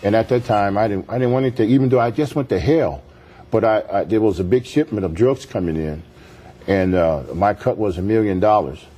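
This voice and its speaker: A pastor with a dark-toned, lowish voice tells his life story a little fast as a guest on a TV interview. His testimony is earnest, and he acts out the quoted voices as he goes.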